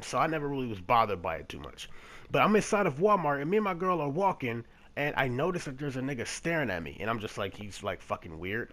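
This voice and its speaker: A man from Detroit telling a story to the camera in a casual, profane, animated vlog style, acting out the other people's lines as he goes. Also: mid-range voice. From Detroit, USA. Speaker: vlogger.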